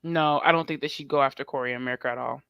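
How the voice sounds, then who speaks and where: Woman with a really low voice chatting on a podcast, quick confident takes, dry sound. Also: fairly even intonation, vocal fry, clean tone, dry recording, dull audio. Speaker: podcast co-host. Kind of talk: casual chat.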